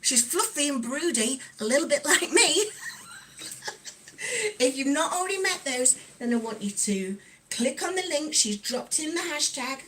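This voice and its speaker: Casting: middle-aged Nottingham woman, high bright voice, giggly and chatty livestream host, faint hiss behind. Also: lively intonation, normal speed. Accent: Nottingham English. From England. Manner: chatty, giggly, reads out viewer comments. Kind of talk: casual livestream chat while sewing.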